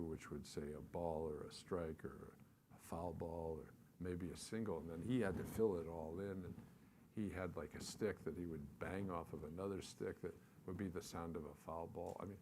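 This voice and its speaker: An older man in his seventies telling stories as a guest on stage, relaxed and anecdotal with many fillers. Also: low-pitched, background noise. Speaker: guest, television executive. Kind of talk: storytelling on stage. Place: stage before a live audience.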